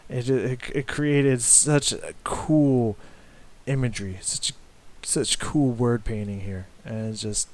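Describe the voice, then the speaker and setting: A man's voice: mid-range voice, darkish tone. Rambling man reacting to music. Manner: rambling, halting, with many fillers and restarts; hums along with the riffs. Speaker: music reaction channel host. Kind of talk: casual music reaction commentary.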